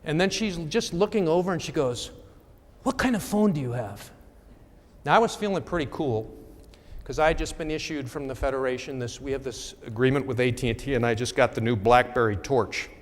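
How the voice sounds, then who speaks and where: A man's voice: mid-range voice, fairly quick, big-room sound. A middle-aged man presenting at a talk, telling a wry story in a conversational way with frequent check-ins to the audience.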